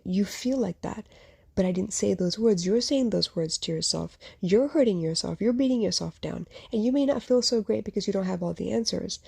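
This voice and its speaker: Husky, gravelly low-voiced woman storyteller. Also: dark tone. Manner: earnest, reflective, speaks to listener directly. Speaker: podcast host; mother and small business owner. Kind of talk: personal storytelling monologue.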